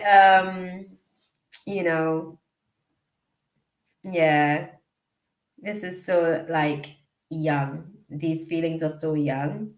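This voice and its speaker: A woman reading tarot on a live stream talks slowly and unhurriedly in a fairly low voice. She is chatty and emotional and keeps drifting off to react to the chat. The room around her sounds echoey. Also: fairly even intonation. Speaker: tarot reader.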